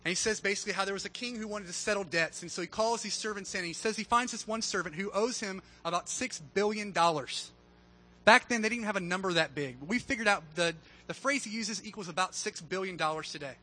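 A man's voice: high voice, fast, sharp tone, poor audio. A man preaching a sermon in a casual, conversational way, mixing humor into his teaching. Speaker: pastor.

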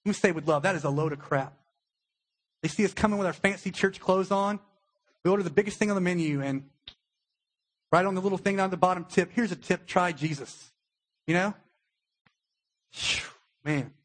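A young adult man, a pastor, giving a conversational sermon with a husky voice and acted-out quotes. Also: high voice, brisk, pauses often. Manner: conversational preaching with acted-out quotes, emotional at times.

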